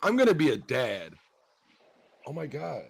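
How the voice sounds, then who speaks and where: A man's voice: a little high, big pitch swings, measured pace, vocal fry, slightly rough. A man hosting a casual talk show, rambling profanely with many restarts as he argues his point. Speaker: podcast host. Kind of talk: casual chat.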